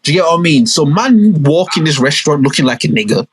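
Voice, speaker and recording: Young man, casual storytelling, husky, a bit high. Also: quick pace, poor audio. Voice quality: animated storyteller with London street slang. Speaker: podcast co-host.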